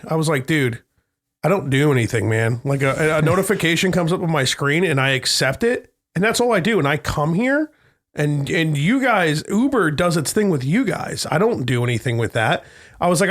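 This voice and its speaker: Podcast co-host, man, fairly high voice, rambling and profane, mimics people mid-story. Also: animated, normal speed. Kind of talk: casual chat.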